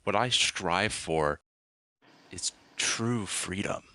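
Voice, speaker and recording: A man voicing an unsettling ship captain who speaks in an oddly friendly, deliberate way. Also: low-pitched, sharp tone, no echo, full character voice. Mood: calm. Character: unsettling male ship captain, calm and heretical.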